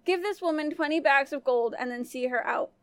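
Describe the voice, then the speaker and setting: A woman voicing a jealous, scheming stepmother queen who gives sharp, cold commands. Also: high-pitched, a little fast, dry recording.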